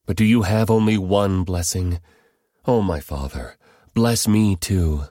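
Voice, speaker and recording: A man's voice: mid-range voice, sing-song, unhurried, darkish tone, slightly rough, no room sound, studio quality, voice pushed up. A man reading the part of a desperate grown son pleading with his father for a blessing. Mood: anguished. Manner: pleading, anguished.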